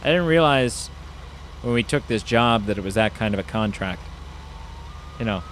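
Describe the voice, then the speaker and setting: A man's voice: on the low side, expressive, moderate pace, a bit bright, a little hiss or hum. A man giving casual, rambling commentary while playing a farming game, musing aloud with lots of fillers. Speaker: gaming YouTuber.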